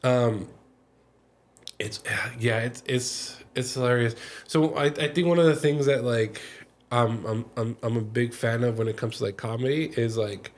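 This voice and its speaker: A man with a mid-range voice hosts a relaxed podcast interview in a studio. He speaks in a halting way, doubling words as he restarts his sentences. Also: medium pitch. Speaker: podcast host.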